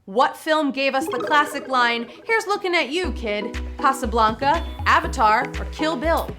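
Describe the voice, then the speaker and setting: High bright lady running a trivia show, giggly, chatty, music faint behind. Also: measured pace. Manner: playful and giggly, chatty asides; upbeat and excitable. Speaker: trivia game show host. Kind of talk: live trivia show hosting.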